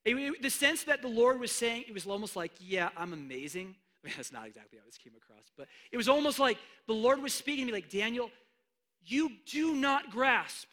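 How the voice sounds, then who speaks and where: Bright-voiced, animated male preacher. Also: extremely high pitch, fast, hardly any pauses. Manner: animated, swings between hushed asides and loud emphatic declarations. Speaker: pastor. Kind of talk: sermon.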